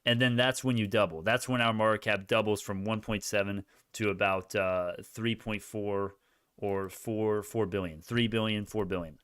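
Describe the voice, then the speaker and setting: A man giving live stock-market commentary, excitable and rambling, with frequent swearing and self-corrections. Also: on the low side, moderate pace, clean tone, dry recording.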